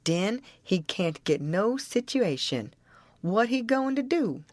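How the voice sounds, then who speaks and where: A woman's voice: mid-range voice, very animated, takes it slowly, darkish tone, dry recording. A woman reading an audiobook, voicing a stubborn, argumentative grown man with an insistent folksy drawl.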